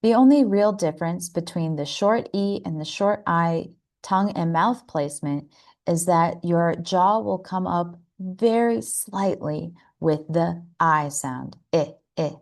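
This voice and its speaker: An American woman gives a pronunciation lesson in a measured, unhurried way. Her voice sits slightly low for a woman, and she slows down further to demonstrate each vowel with care. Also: a little mellow. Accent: General American. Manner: slow, careful, demonstrating sounds. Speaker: English pronunciation teacher. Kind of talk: scripted instructional lesson.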